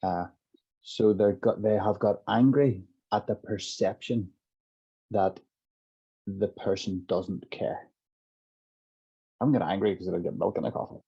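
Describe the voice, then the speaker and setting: Husky, dark-voiced man explaining patiently. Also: sits low. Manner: reflective, walks through examples with hypothetical dialogue. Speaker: guest, compassionate inquiry practitioner. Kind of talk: explanatory interview talk. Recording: dull lo-fi audio.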